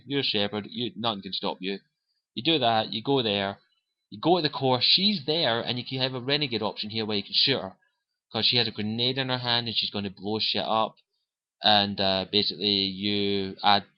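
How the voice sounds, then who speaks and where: A man's voice: on the low side, dull audio. A man giving a casual, rambling spoken review of a video game, swearing freely and acting out quotes from the characters. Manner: profane, rambling retelling with acted quotes.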